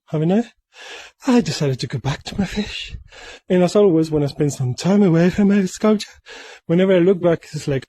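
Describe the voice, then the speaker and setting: Man, sculptor vlogging, playful, rambling, sing-song repeats, mellow tone, dry close sound. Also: a little high, lively intonation, moderate pace, dry recording. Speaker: mask sculptor. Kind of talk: casual workshop vlog.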